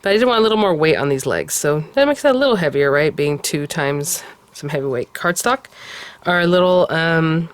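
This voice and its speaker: A woman hosting a card-making tutorial, talking casually and often cooing softly over how cute the pieces are. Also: deep voice, expressive, normal speed. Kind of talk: casual crafting tutorial talk.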